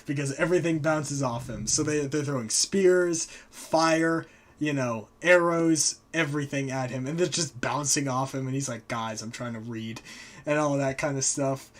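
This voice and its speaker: A man hosting a live stream, casually retelling myths and slipping into quick character voices. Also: a little high. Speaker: host. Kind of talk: casual storytelling.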